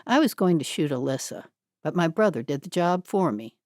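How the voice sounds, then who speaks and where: A shifty young man with a menacing edge who bristles defensively, as a woman puts him on. His voice sits low and dark and speeds up when he is pushed. The sound is dry and close. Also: sing-song, fairly quick, dry recording.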